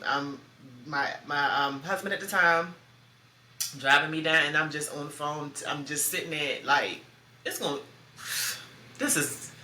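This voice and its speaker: A woman in her thirties, hosting a podcast, speaks in a low, pushed, bright voice while telling a painful personal story in raw, blunt, profane terms. Roomy echo and faint background noise color the recording.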